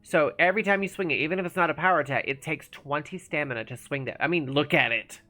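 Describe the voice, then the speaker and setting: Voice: mid-range voice, quick pace, sharp tone, faint music behind. A gaming streamer chatting casually while playing, thinking aloud and sometimes mumbling. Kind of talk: casual live-stream commentary.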